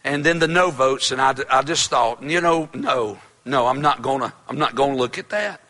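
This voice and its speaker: A man preaching a sermon, fervent and folksy, often shouting. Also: medium pitch, normal speed. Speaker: pastor.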